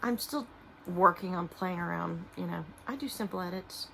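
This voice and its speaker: A middle-aged woman talks casually to the camera about her handmade products, often pausing and trailing off with fillers. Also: fairly low pitch, gravelly, slight background noise, rough recording. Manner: halting, many fillers and trailing restarts; soft-spoken and emotional at times. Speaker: small business owner and artist. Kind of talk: casual vlog talking to camera while showing products.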